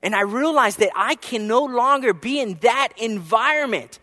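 A man preaching a sermon, telling a personal story, with soft asides and emphatic rises. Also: very high voice, expressive, moderate pace, long reverb tail. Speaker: pastor.

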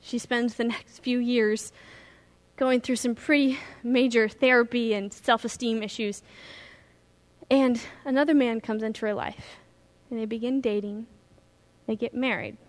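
Woman pastor, earnest and emphatic sermon, high pitch, storyteller. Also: fairly even intonation, measured pace.

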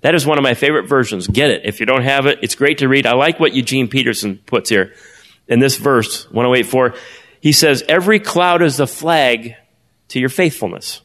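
A male pastor preaching a sermon, asking the congregation questions and swinging his pitch for emphasis. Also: a little fast, fairly bright tone, long reverb tail.

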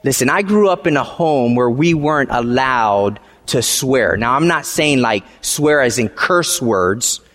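A man preaching a sermon, emphatic and repetitive, swinging from hushed lines to shouted ones. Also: mid-range voice, expressive, unhurried, few pauses. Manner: emphatic, repeats phrases, swings between quiet and shouting. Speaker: pastor. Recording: long hall reverb.

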